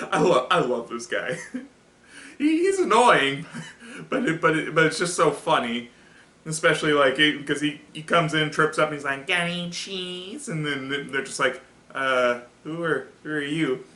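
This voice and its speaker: A man's voice: fairly high pitch, expressive, normal speed, pauses often, pushed and bright. A young man casually reviewing a cartoon episode, rambling with restarts and frequent laughter. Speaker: show reviewer. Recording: echoey room.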